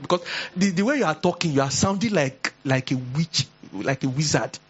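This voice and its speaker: A male pastor with a Nigerian English accent, preaching an earnest, exhorting sermon with animated storytelling. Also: fairly high pitch, normal speed, hardly any pauses, husky, highs cut off.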